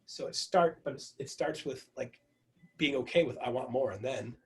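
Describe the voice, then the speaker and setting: A man giving an energetic motivational talk to his team, telling a story with lots of repetition, speaking in an online video meeting. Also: medium pitch, normal speed, slight background noise.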